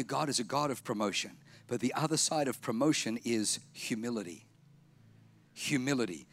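A man preaching a sermon, emphatic and repetitive, slowing down and softening for effect. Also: mid-range voice. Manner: emphatic, repetitive, drops to slow quiet lines for effect. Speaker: pastor.

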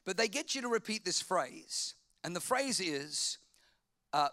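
A middle-aged man, preaching a sermon, swinging from loud emphatic lines to quiet hushed asides. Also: high voice, sing-song, measured pace, no room sound. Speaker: pastor.

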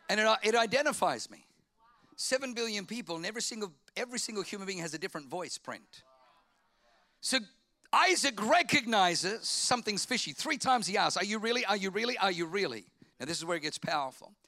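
A middle-aged man, preaching a sermon, swinging from loud emphatic lines to quiet hushed asides. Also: fairly high pitch, no echo. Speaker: pastor.

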